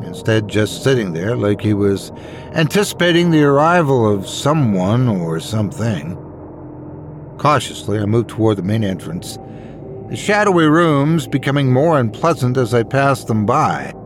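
A man reading a horror story aloud in a measured, suspenseful way. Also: mid-range voice, a little hiss or hum. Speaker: narrator. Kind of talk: scripted horror story narration.

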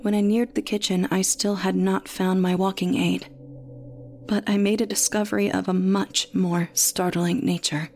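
A woman's voice: mid-range voice, little pitch movement, moderate pace, darkish tone, slight background noise. Woman narrating a horror story. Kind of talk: scripted first-person horror narration.

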